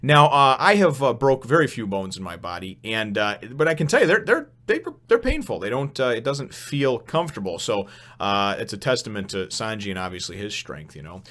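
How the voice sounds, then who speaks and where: A man's voice: lowish voice, sing-song, fairly quick, a bit bright. A man casually reviewing a comic chapter, rambling with many fillers and frequent chuckles. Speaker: manga review host.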